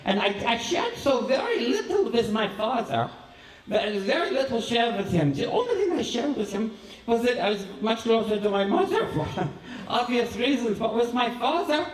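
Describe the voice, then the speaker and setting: A man's voice: extremely high pitch, big pitch swings, moderate pace. A man playing a vain, flamboyant cabaret host. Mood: theatrical. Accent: vague put-on European accent. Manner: theatrical, rambling, self-mocking storytelling. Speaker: host of a live show. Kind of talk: live stand-up monologue. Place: small live venue with a small audience. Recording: roomy live venue, far from the mic.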